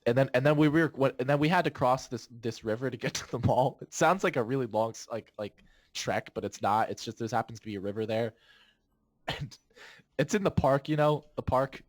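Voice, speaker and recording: A podcast host in his twenties tells a rambling story in casual chat, laughing often and restarting his sentences. He has a mid-range voice and a brisk pace.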